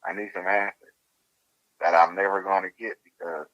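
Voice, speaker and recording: A man, telling his story as an interview guest in a casual, animated way and laughing as he goes. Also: sits low, moderate pace, highs cut off.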